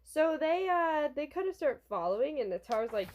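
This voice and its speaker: A woman's voice: high-pitched, big pitch swings, moderate pace, darkish tone, a little hiss or hum. A young woman casually reviewing a manga from her college dorm room, chatty and rambling. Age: young adult. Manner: chatty and rambling, with restarts and fillers.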